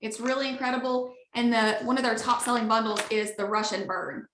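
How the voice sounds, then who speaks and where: Bright, eager Alabama woman selling hard on a video call; higher voice, roomy echo. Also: steady tone, brisk, slight background noise. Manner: upbeat, gushing, chatty. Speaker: network marketing leader. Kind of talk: enthusiastic sales pitch on a video call.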